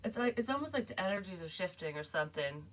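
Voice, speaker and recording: Rambling, profane woman with a lowish voice. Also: expressive, fast talker, far from the mic. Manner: rambling, profane, laughs often. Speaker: psychic medium doing card readings. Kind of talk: casual reading chat.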